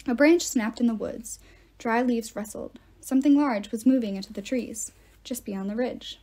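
A woman reading a novel aloud in a steady storytelling manner. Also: fairly high pitch, normal speed. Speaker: reader.

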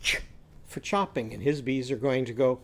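A man's voice: medium pitch, brisk, darkish tone. A middle-aged man teaching phonics, demonstrating hand gestures and chanting playful animal sounds in a sing-song way. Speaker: literacy teacher.

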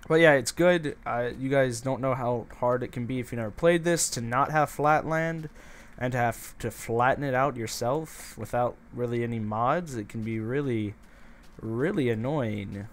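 A man's voice: mid-range voice, normal speed. A man giving casual, playful let's-play commentary, chatting to the animals and villagers as he goes. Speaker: gameplay commentator.

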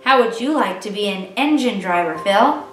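A woman's voice: medium pitch, lively intonation, moderate pace, fairly bright tone, lightly acted. A woman reading a cheerful storybook father. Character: cheerful kindly Edwardian father. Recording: roomy, distant mic with faint music.

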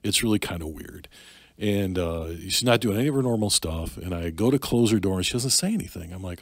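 A middle-aged man with a deep, husky voice tells a personal story in a halting, candid way. He stops often and restarts his sentences. The sound is dry and close. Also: lively intonation, dry recording. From Michigan. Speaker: podcast guest, Navy and Army veteran. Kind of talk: casual storytelling.

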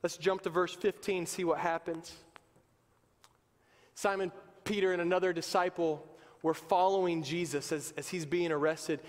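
A man's voice: high-pitched, steady tone, moderate pace. A male pastor preaching a sermon in an emphatic, conversational way, in a church sanctuary. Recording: long reverb of a church hall.

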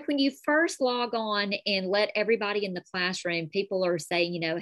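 A woman with a thick North Alabama accent chats as a podcast guest. She tells her stories with animated energy. The recording is close and dry, with no room sound. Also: medium pitch, moderate pace, few pauses, no echo. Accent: North Alabama Southern. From North Alabama, USA. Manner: chatty, animated storytelling. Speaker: calligraphy teacher, guest. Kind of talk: casual interview chat.

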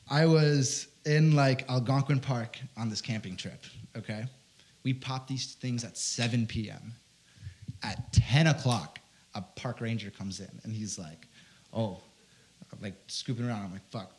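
A man in his twenties telling a stand-up story, rambling and profane, with lots of filler words. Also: medium pitch. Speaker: comedian.

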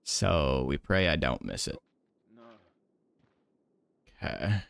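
A man streaming a game, giving soft-spoken ASMR commentary with gentle self-talk and the odd casual swear. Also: very deep voice, very animated, slow, vocal fry, dry recording.

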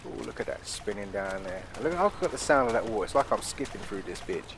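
A man, hosting a horror game let's play, loud and profane, constantly calling out to his viewers. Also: lowish voice, very animated, brisk, a little hiss or hum. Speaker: gaming channel host.

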